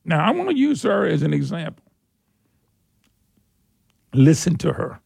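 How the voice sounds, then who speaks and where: Folksy high-voiced radio host. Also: male voice, very animated, a little slow, gravelly, a little mellow, slightly rough, no echo, clean studio sound. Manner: folksy, rambling, mocking impressions. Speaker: radio talk show host. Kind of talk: casual talk radio monologue.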